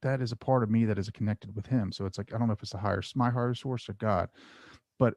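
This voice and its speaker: A man guest talking about meditation and spirituality in a rambling way, full of restarts, animated when he tells a story. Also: on the low side, fast talker, no echo. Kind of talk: casual spiritual chat.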